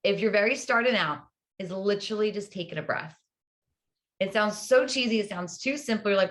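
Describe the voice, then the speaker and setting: A woman's voice: medium pitch, lively intonation, moderate pace, a bit bright. A woman guest in a casual interview, an upbeat educator explaining ideas and often adding "right?". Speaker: guest, public health educator.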